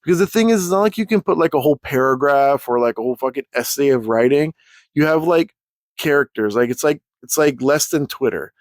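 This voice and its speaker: A man's voice: on the high side, brisk, no echo. Profane ranting man, dry sound. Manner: profane, animated, rambling. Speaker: YouTuber. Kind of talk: casual storytime rant.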